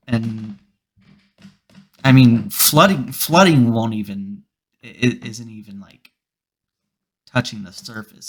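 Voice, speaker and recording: A man hosting a casual comedy podcast, rambling through stories and mock-serious rants with plenty of swearing. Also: fairly low pitch. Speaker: podcast host. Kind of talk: casual chat.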